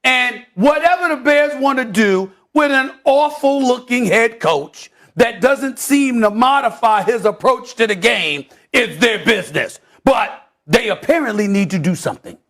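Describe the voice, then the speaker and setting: Loud theatrical man, very high voice. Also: lively intonation, a little slow, hardly any pauses. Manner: loud, theatrical, mock-emotional, repeats words when worked up. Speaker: sports debate host. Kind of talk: heated sports debate.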